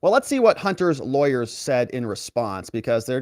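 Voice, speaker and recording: A lawyer reads political letters aloud with animation, breaking in with sarcastic, mocking asides. His medium-pitched voice moves at a normal speed, captured in a dry, clean studio recording.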